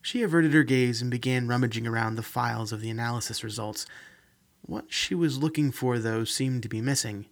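A man narrating a fantasy novel in a steady, even reading. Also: mid-range voice, a little fast. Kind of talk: audiobook reading.

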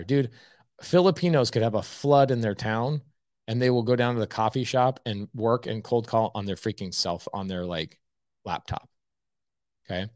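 A man's voice: fairly low pitch, unhurried, no echo, clean studio sound. A man hosting a live stream, giving blunt, emphatic coaching advice and saying "okay" often. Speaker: host.

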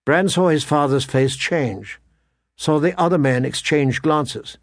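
A man narrating a fantasy novel as an audiobook, measured and expressive. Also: on the high side, dry recording, clean studio sound.

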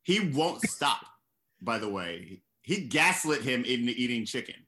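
Bright, animated guy ranting about movies, swears constantly. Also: medium pitch, a little slow. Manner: animated, profane, sarcastic. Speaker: podcast co-host. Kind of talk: casual comedic film discussion.

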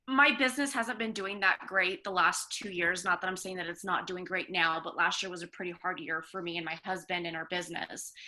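A woman's voice: medium pitch, pushed and bright. A woman, a podcast co-host talking openly and emotionally about her own struggles. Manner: open, candid and emotional. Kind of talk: casual podcast interview.

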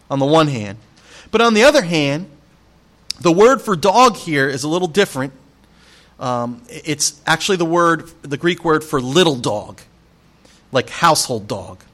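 Animated, emphatic male preacher. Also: a little high. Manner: animated, emphatic storyteller who addresses the congregation. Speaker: pastor. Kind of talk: sermon.

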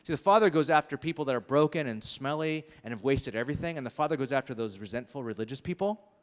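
Man preaching in a reverberant hall. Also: medium pitch. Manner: animated, acts out characters, quick asides. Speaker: pastor. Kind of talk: sermon. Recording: long reverb of a large hall.

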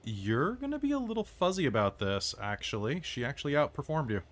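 A man narrating as dungeon master, describing scenes in a calm, measured way. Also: fairly high pitch. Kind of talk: narrating a tabletop game.

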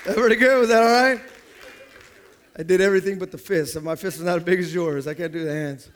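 A man with a notably high voice preaches to his church, calling out for the congregation to repeat words after him. He slips into quoted voices to act out everyday scenes, then drops back into his preaching. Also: brisk, fairly bright tone, a faint crowd. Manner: call-and-response preaching, acting out people in quoted voices. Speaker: pastor. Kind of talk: sermon.

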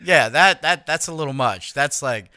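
Young dude cracking crude jokes, bright voice, dry close mic. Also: male voice, on the high side, lively intonation, moderate pace, smooth, no echo. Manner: joking, crude asides and movie references. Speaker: podcast co-host. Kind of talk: casual chat.

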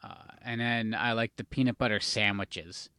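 A man's voice: on the low side, steady tone, moderate pace, pushed and bright, clear, resonant tone, no room sound, clean studio sound. A young adult man co-hosting a casual chat show, rambling, swearing casually and losing his train of thought. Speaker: podcast co-host.

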